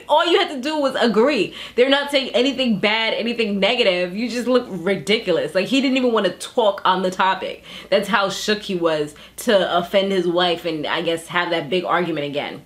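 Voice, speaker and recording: A woman's voice: on the high side, moderate pace, hardly any pauses. A woman chatting casually about a reality show, laughing often and using slang. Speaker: reality TV recap vlogger. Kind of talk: casual chat.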